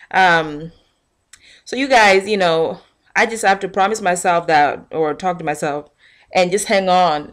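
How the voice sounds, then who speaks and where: A young woman vlogger telling a casual, animated rant to her camera and acting out what people said. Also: lowish voice. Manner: animated storytelling, acting out quotes.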